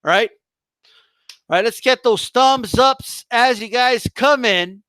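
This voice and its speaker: A man hosting a boxing livestream, talking in a loud, mocking, hyped way and swearing freely. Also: very high voice, slow pace, dry recording, studio quality. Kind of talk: casual livestream rant.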